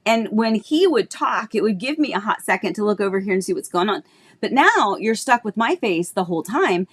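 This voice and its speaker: A woman's voice: medium pitch, fairly bright tone. A middle-aged woman real estate agent hosting a casual live stream, bubbly and chatty, greeting viewers by name, with a tickle in her throat. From Florida, United States.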